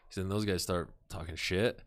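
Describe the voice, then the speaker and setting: A man chatting on a podcast, telling a profane, animated story and acting out the voices of the people in it. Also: sits low, normal speed. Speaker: podcast talker. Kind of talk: casual podcast chat.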